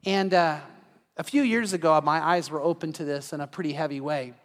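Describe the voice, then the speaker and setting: High-voiced male pastor in a reverberant hall. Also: brisk. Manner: conversational, acts out everyday scenes in quoted voices. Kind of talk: evening sermon. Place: church sanctuary. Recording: long reverb of a large hall.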